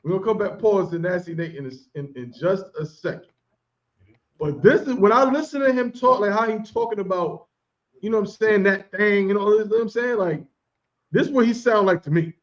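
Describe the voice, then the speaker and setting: A man's voice: high voice, fairly quick, muffled recording. A man hosting a podcast in casual, slangy, laughing chat. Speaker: podcast host.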